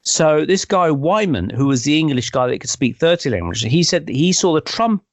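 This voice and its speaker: Lively gravelly man telling a story. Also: fairly high pitch, dry recording. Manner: rambling, with many self-corrections and fillers. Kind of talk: casual storytelling.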